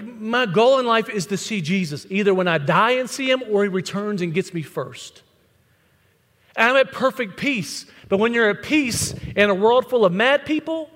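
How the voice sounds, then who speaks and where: A man with a high voice preaches a sermon in a blunt, conversational way, throwing questions at the congregation. His voice carries a long reverb from the church sanctuary. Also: fairly bright tone. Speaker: pastor.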